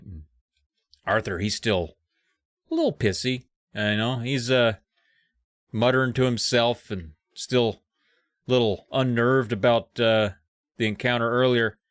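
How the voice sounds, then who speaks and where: Man chatting on a podcast, acts out the characters, dry mic, average pitch. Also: fairly bright tone, no room sound. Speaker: podcast co-host. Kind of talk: casual chat retelling a book.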